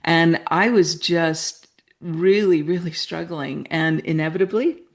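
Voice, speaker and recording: A woman's voice: deep voice, a little slow. A middle-aged woman from Canada, a guest telling her story earnestly and acting out the dialogue she quotes. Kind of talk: storytelling interview talk.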